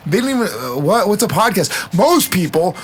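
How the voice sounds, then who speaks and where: Guy guesting on a podcast, kinda high voice, loud and sweary, riffing hard. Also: big pitch swings, normal speed, a little hiss or hum. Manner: loud, profane, emphatic riffing. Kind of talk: casual podcast chat.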